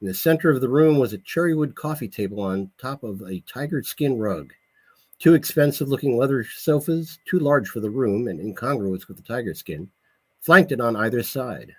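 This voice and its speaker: A man, the author, reading his novel aloud in a measured way, with a husky voice and occasional self-corrections. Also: medium pitch, expressive.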